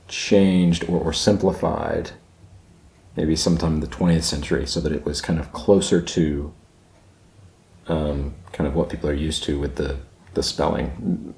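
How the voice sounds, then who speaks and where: A man with a very deep voice hosts a casual reaction video. He muses aloud, trails off with fillers and repeats words to test how they sound. The room around him rings with echo. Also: vocal fry, mellow. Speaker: channel host reacting to a video.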